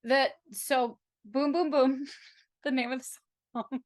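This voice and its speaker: A woman co-hosting a music podcast in casual chat, playful and quick to laugh as she reads out facts. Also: high voice, fairly even intonation, no echo, studio quality. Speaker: podcast co-host.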